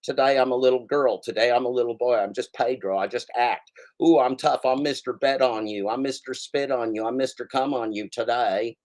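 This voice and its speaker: A man's voice: medium pitch, a little fast, a little mellow, close to an everyday voice, rough recording. A man doing a mocking impression of a vain, boastful man who brags in exaggerated tones. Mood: preening.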